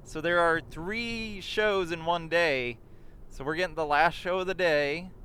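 A young man driving and bantering comically, telling stories in an excitable way. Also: on the high side, unhurried, clear, resonant tone. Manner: lively, excitable storytelling. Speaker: podcast co-host, driving. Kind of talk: comedic banter. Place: in a car in traffic.

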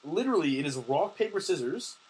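A young man co-hosting a podcast in casual chat, joking in quick, laughing banter. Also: on the high side, very animated, rough recording. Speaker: podcast co-host.

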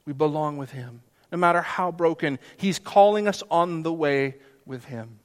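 Pastor, male, high-pitched, earnest preaching with quiet hushed moments; reverberant sanctuary. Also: moderate pace. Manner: earnest, with sudden soft hushed drops for emphasis. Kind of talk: sermon. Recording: long hall reverb.

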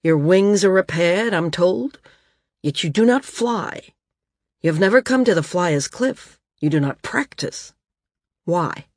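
A domineering male ruler, read by a woman narrator in a storybook, asking cold, pressing questions. The voice sits low. The sound is dry and close. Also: expressive, unhurried, dry recording.

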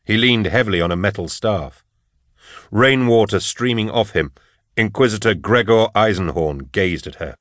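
Low-voiced man narrating an audiobook. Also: moderate pace, fairly bright tone, no echo, studio quality.

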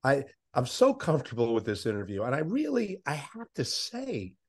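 A man who grew up in Miami Beach, a veteran sports interviewer telling animated anecdotes in a casual talk. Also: medium pitch, moderate pace, breathy edge. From Miami Beach, USA. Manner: animated anecdotes with quoted voices. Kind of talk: casual podcast storytelling.

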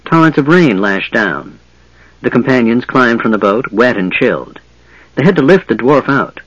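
A man narrates a fantasy audiobook in a steady, measured delivery at a middle pitch. The recording is dry and a little dull. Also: husky, dry recording.

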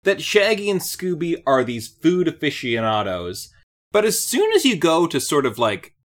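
A woman co-hosting a podcast, chatting casually about a cartoon, animated and laughing often. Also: moderate pace. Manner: animated, laughs often, jumps high when excited. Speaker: podcast co-host. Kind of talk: casual chat reviewing a cartoon.

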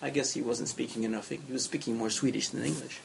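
A man with a gravelly, fry-edged voice speaks in a relaxed, chatty manner while answering interview questions. Faint noise sits under the recording. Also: mid-range voice, quick pace. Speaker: English coach. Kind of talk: conversational interview.

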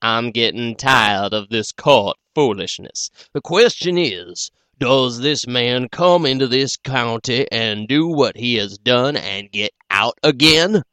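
A man voicing a hostile ringleader of a mob, loud, blunt and impatient in an audiobook. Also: mid-range voice, normal speed, no room sound, pitched above the performer's own voice, close to an everyday voice. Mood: angry. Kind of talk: audiobook character voice.

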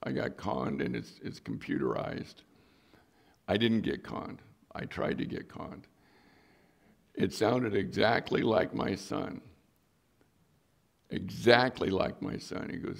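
A man's voice: on the low side, sing-song, takes it slowly, creaky, pauses often. A middle-aged male pastor preaching a sermon, telling a personal story and acting out the voices in it. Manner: storytelling, acts out quoted voices.

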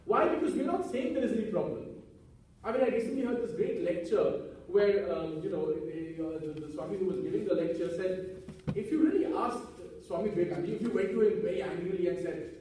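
A man's voice: high-pitched, animated, quick pace, warm tone. Earnest man lecturing in an echoey hall. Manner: earnest, rhetorical questions. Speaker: speaker on Vedanta. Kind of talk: public talk to an audience. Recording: echoey hall, mic from far off.

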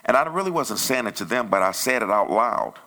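A male pastor telling a story in a conversational sermon that grows loud and animated. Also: medium pitch, brisk. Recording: church sermon audio.

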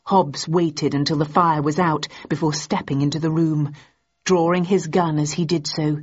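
A woman narrates a novel in a steady, measured reading. Her voice is husky and fairly low. The audio is slightly dull and lo-fi.

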